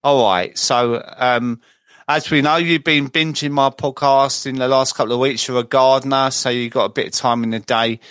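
A man's voice: mid-range voice, fairly bright tone, clear, resonant tone, no echo. A man hosting a podcast, reading a scripted intro and then chatting with his guest in a friendly way. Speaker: podcast host.

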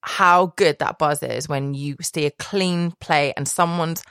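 A woman's voice: low-pitched, steady tone, measured pace, fairly bright tone, smooth. A woman guest telling a long rambling story in casual chat, laughing often and correcting herself. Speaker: podcast guest, private chef.

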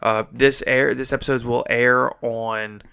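A man co-hosting a casual podcast chat, talking quickly and a little stuffed up from allergies. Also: mid-range voice, level tone, creaky, sharp tone, clean tone. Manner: quick, talkative, laughs easily. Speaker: podcast co-host. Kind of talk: casual chat about card games.

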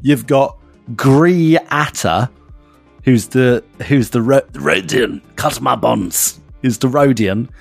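A man's voice: mid-range voice, takes it slowly, creaky. A man co-hosting a podcast in playful, casual chat. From United Kingdom. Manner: playful, animated. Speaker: podcast co-host. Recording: faint music behind.

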